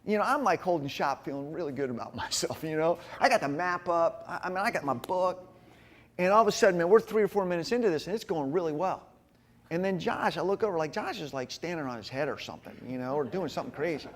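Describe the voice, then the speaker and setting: A middle-aged man giving a sermon-style talk to a men's gathering, telling personal stories in a folksy, animated way. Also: on the high side, fast talker. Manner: folksy, animated storytelling with frequent asides to the group. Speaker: speaker at a men's ministry gathering.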